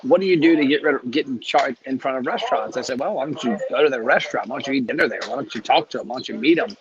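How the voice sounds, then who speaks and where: A man talks quickly and chattily, hosting a casual live chat. His stories roll out at a brisk clip. The sound is dull and lo-fi, like a live stream. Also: medium pitch, a crowd in the background. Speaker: host. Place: travelling, speaking from a hotel.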